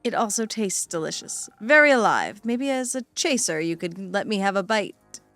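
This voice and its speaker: A woman's voice: mid-range voice, big pitch swings, moderate pace, fairly bright tone, dry recording, soft background music. Woman reading a sly vampire knight. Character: male vampire knight, blood-loving, cheeky. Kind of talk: reading game dialogue aloud.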